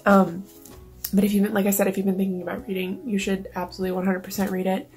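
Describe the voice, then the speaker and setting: A woman's voice: mid-range voice, steady tone, quick pace, darkish tone, soft background music. A woman vlogger talking casually and emotionally, close to tears, with many fillers. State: near tears. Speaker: book vlogger. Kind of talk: casual vlog talk.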